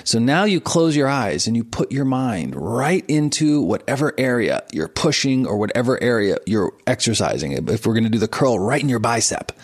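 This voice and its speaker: A man coaching entrepreneurs, explaining breath and intention in a relaxed conversational way, with frequent chuckles and repeated words as he thinks. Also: medium pitch, normal speed, few pauses, breathy edge.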